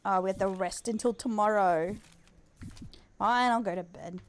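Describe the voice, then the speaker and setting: A woman's voice: medium pitch, moderate pace. An Australian woman giving casual, joking live-stream commentary while she plays a game, laughing often.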